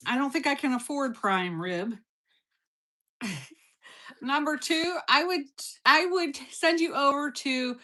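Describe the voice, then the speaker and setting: A woman's voice: high-pitched, sharp tone. A woman hosting a casual cooking livestream from her kitchen, reading out viewer comments and answering them in a blunt, teasing, playful way. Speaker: livestream host.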